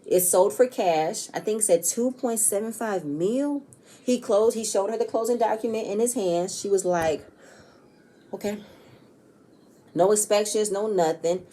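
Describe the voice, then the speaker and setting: A woman's voice: mid-range voice, a little slow, warm tone. A woman casually recapping a reality TV episode, chatty and blunt, often tossing in "you know what I'm saying" and swearing freely.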